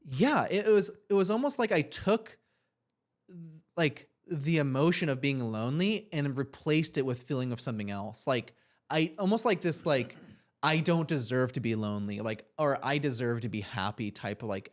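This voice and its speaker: A man's voice: mid-range voice, animated, normal speed. A young man co-hosts a casual podcast and tells a long personal story. He talks in an earnest, reflective, rambling way and leans on "like" as filler. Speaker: podcast co-host.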